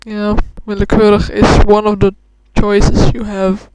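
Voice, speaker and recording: A woman's voice: mid-range voice, completely flat delivery, unhurried, darkish tone, clear, resonant tone, no echo, poor audio. A woman who is a native Dutch speaker and has a cold rambles casually, trying out a Scottish accent and correcting herself often. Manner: rambling, self-correcting, many fillers. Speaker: club member vlogger.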